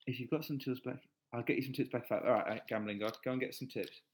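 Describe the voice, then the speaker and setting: A man's voice: mid-range voice, fairly even intonation, quick pace, poor audio. Chatty man streaming. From England. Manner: chatty, jokey, reads comments aloud. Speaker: streamer reading chat. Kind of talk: casual live-stream chat.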